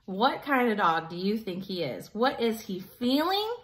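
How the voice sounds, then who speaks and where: A woman teacher reading a picture book aloud to children in an animated way, pausing to ask them questions. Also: medium pitch. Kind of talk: children's story time.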